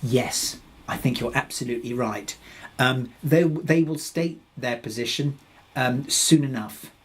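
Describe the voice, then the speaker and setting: A man's voice: mid-range voice, a little slow, husky. A man presenting a webinar, answering audience questions in a hesitant way, with many restarts. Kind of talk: live webinar Q&A.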